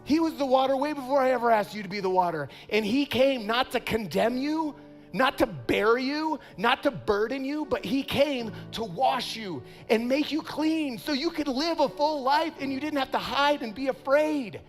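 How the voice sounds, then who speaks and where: A man's voice: very high-pitched, animated, moderate pace, faint music behind. A man preaching a sermon in a playful, self-mocking way, laughing often and putting on voices for stories. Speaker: pastor.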